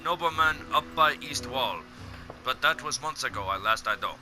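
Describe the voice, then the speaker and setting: A man's voice: medium pitch, lively intonation, normal speed, music in the background, close to an everyday voice. A man voicing a nervous, wheedling market trader while reading a video game's lines aloud.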